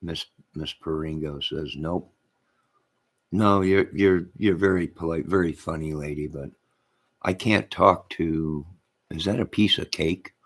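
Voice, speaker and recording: A man with a very deep, husky voice, talking loosely to the people in his live stream chat. He rambles and circles back on his own words, repeating phrases as he goes. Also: a little slow. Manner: rambling, repeats himself, talks to chat by name.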